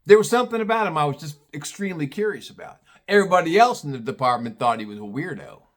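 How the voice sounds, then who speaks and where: A man's voice: a little high, expressive, fast. Rambling man telling a story to camera. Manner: rambling, with many restarts and casual swearing. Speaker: storyteller, former meat department manager. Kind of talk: casual spoken storytelling to camera. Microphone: camera he films himself with.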